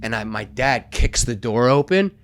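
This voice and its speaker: A man tells loose, profane stories as a podcast guest, animated and quick to build a scene. His voice sits at an everyday middle pitch. The close studio mic leaves it dry, with no room around it. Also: no room sound. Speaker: guest comedian. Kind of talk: casual podcast chat.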